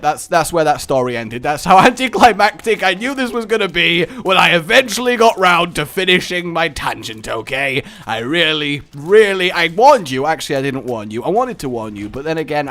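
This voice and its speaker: A man's voice: on the high side, fairly bright tone. A young man commenting on his own gameplay in a rambling, mock-dramatic, theatrical way. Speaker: gaming commentator.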